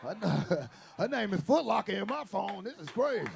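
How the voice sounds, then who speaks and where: This high, gravelly-voiced comedian performs stand-up with brash, profane delivery, big pitch swings, rapid punchlines, and acted-out quotes, while the audience's laughter rises around him.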